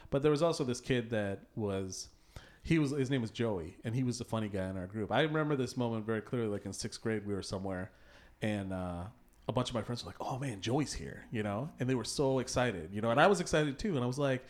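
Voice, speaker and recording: A man co-hosting an improv podcast, telling childhood stories in a casual, deadpan way with laughs. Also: medium pitch, fast talker. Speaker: podcast co-host. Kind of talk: casual chat.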